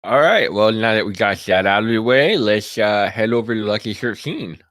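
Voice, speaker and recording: A man's voice: lowish voice, animated, normal speed, fairly bright tone, dry recording, studio quality. A man playing a tabletop role-playing game, stammering at times and teasing the other players. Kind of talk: casual in-character play.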